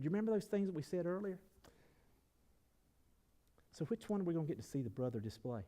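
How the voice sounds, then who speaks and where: A male pastor in full sermon mode with a fairly high voice. He swoops wildly in pitch, climbing loud and emphatic before dropping to quiet reflection. He often calls out to the congregation for answers. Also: very animated, quick pace, long pauses.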